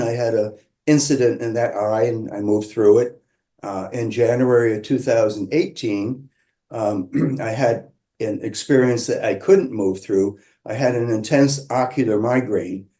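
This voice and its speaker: Guy with a warm low-key voice telling his own story, slow and thoughtful, lots of pauses. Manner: measured, reflective, with pauses and restarts. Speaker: qigong practitioner sharing his story. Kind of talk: personal storytelling.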